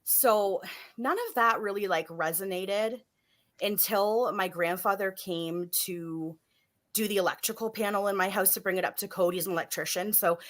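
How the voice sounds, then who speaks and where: A woman in her thirties, a podcast guest, telling a story in a casual, animated way with many fillers. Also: medium pitch, moderate pace. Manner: animated, filler-heavy, acts out voices in quotes.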